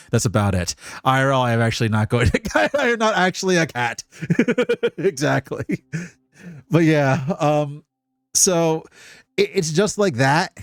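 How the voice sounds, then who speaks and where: A man's voice: fairly high pitch, moderate pace, dry recording. Rambling, profane male streamer, dry sound. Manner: emotionally animated on stream. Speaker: VTuber streamer. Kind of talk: casual stream commentary.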